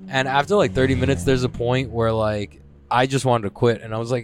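A man's voice: mid-range voice, fairly even intonation, moderate pace, few pauses, smooth. A man hosting a casual solo podcast from his car while driving, talking in a profane, rambling, self-mocking way. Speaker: podcast host. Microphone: headphones with mic.

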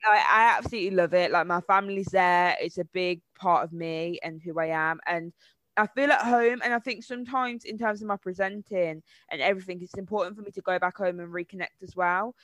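A woman's voice: on the low side, a little fast, fairly bright tone, no room sound. Young woman, enthusiastic, emphatic, dry close sound. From Birmingham, England. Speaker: guest, presenter. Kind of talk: casual interview chat.

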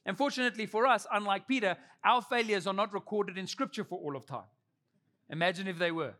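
A man in his thirties preaching a sermon, telling the story with animated delivery and acting out the quotes. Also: high-pitched, fast. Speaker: pastor.

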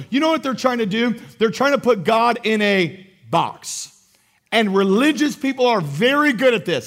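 A man with a notably high voice preaches a sermon. He swings between loud, rising exhortation and quiet, intimate emphasis, addressing the congregation directly. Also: expressive, moderate pace. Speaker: pastor.

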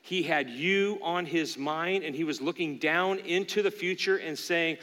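A man's voice: on the high side, a little slow, few pauses, fairly bright tone. A man preaching a sermon as pastor, talking earnestly and conversationally to his congregation in a church. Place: church sanctuary. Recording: long hall reverb from a church room.

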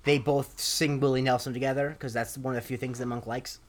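A man's voice: mid-range voice, little pitch movement, fairly quick. A young man co-hosting a podcast, recapping a TV episode in a rambling, casual chat with dry asides. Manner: rambling, many ums and restarts, dry asides. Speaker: podcast co-host.

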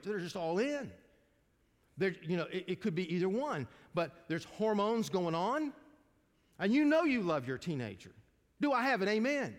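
An older man preaching a sermon to a congregation in a folksy, conversational way, asking them questions as he goes. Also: high-pitched. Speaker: pastor. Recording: long reverb of a large hall.

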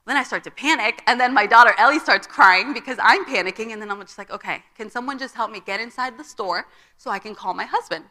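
A young woman tells a personal story at a church gathering, slipping into the voices of the people she quotes. Her voice is bright and forward, pitched a little high. The sound carries a long hall reverb. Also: fast. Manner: storytelling, acts out quoted dialogue. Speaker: conference speaker. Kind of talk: personal testimony. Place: church auditorium.

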